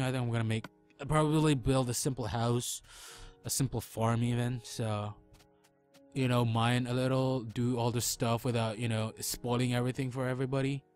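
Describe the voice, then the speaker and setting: A young man talks through a survival game in a loose, rambling way, joking and throwing out silly animal noises. His voice sits at an ordinary middle pitch. Faint music plays underneath. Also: darkish tone, smooth. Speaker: let's play gamer. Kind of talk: casual gameplay commentary.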